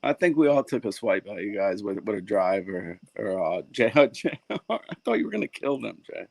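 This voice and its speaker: A man in a casual golf podcast chat, animated, teasing and swearing. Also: fairly low pitch, fairly quick, gravelly, no room sound.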